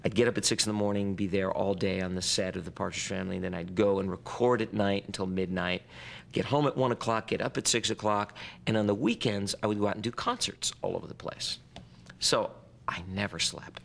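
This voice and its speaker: Brief: low, gravelly male interviewee, animated storyteller, faint music under him. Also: fairly quick, slight background noise. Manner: animated storytelling, acts out screaming fans. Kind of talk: reflective interview recollection.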